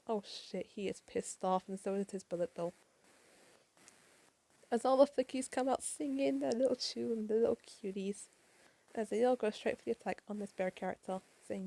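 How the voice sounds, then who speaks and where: Woman reading a comic with commentary, swears a bit, gravelly low-key mellow voice. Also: normal speed, poor audio. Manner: chatty, swears, asides to viewers. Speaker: comic reader. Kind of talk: casual comic read-along with commentary.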